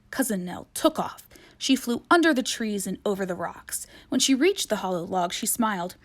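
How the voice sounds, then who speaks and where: A woman reading a children's picture book aloud with playful, expressive narration. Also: mid-range voice, moderate pace, few pauses. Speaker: storybook reader.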